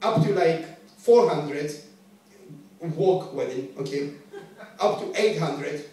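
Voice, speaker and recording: A man in his late twenties doing a stand-up set from a club stage, with brash, profane, animated storytelling. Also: on the high side, takes it slowly. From Greek family. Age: late 20s. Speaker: stand-up comedian. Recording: echoey venue heard from a distance. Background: audience laughter.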